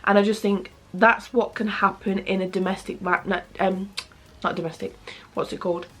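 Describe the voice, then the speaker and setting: A woman's voice: mid-range voice, steady tone, normal speed. Blunt, sweary woman chatting to camera. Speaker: book vlogger. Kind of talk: casual book review chat.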